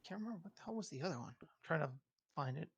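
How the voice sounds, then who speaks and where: A game master running a tabletop role-playing session, casual and quick to laugh, restarting sentences often. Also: medium pitch, expressive, creaky, breathy edge, muffled recording.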